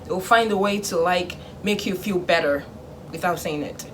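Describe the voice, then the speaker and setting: A woman's voice: fairly low pitch, normal speed, a little hiss or hum. Young woman chatting animatedly to camera. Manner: animated, acts out parents' lines in a hushed voice. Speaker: vlogger. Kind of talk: casual chat to camera.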